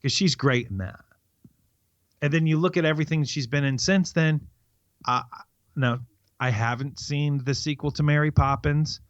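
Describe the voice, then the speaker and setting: A man's voice: on the high side, moderate pace, pauses often, no room sound. Middle-aged man, rambling podcast storyteller. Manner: rambling storyteller, chatty and self-interrupting. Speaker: podcast co-host. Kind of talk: casual chat. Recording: dry, slightly dull lo-fi sound.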